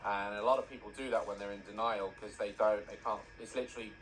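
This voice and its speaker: A man's voice: on the low side, steady tone, fast talker, soft background music, rough recording. A man hosting a reaction video, mocking what he watches with jokey, sarcastic commentary. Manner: mocking, jokey, laughs at his own dark jokes.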